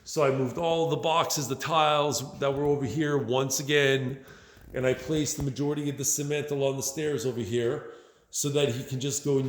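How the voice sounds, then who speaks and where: A man's voice: medium pitch, fairly bright tone. A middle-aged man and small business owner venting in a profane, exasperated monologue, constantly saying "man". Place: large bare workspace under renovation. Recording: echoey hall with long reverb.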